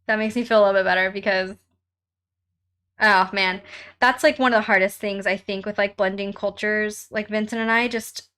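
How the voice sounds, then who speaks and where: Bright-voiced bubbly young woman streamer. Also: medium pitch, steady tone, moderate pace, clean tone. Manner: chatty and bubbly, laughs often. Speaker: live-stream host. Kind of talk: casual chat reading viewer comments. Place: home, while crafting.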